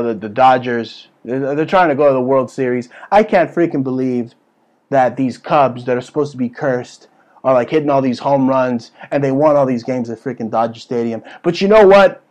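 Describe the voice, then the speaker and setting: A man's voice: medium pitch, darkish tone. A man hosting a comedy show with a brash, crude, ranting delivery. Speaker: host. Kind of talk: comedic political rant.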